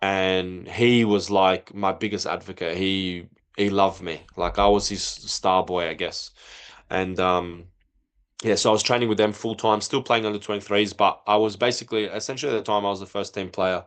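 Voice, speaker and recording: A man in casual podcast talk, telling an animated story and acting out the dialogue. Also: low voice, normal speed, clean tone. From not from Europe. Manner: animated, acts out quoted dialogue. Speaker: podcast guest, former footballer.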